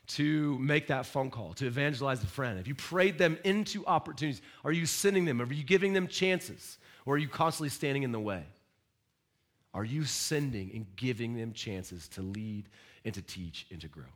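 A man preaching a sermon as pastor, emphatic, with direct questions to the congregation and sudden rises and soft drops. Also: mid-range voice.

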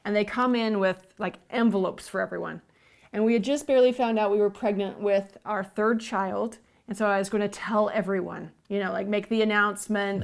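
A woman in her thirties recounts events from her life in a clear, matter-of-fact conversational voice. She moves through the details plainly, as if telling a friend. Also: medium pitch, fairly even intonation, moderate pace. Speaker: guest, his wife. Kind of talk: conversational storytelling.

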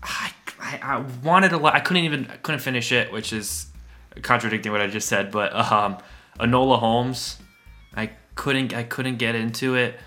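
A man's voice: mid-range voice, normal speed, bright, forceful tone, faint music behind. A young man co-hosting a casual podcast, rambling, swearing and laughing often. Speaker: podcast co-host. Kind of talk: casual chat.

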